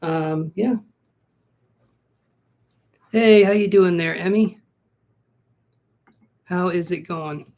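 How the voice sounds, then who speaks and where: A man doing a relaxed live tarot reading on a stream. He chats easily and jokes about himself. He talks his thoughts through out loud as he lays out cards for viewers. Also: high voice, very slow, long pauses. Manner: chatty, self-joking, thinks aloud. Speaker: tarot reader.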